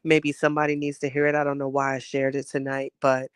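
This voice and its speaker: A man's voice: medium pitch, monotone, fast, clean tone, no echo, studio quality. A man hosting a casual chat show, talking candidly and at length while getting over a cold. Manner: candid, rambling, heartfelt commentary. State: has a cold. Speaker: host.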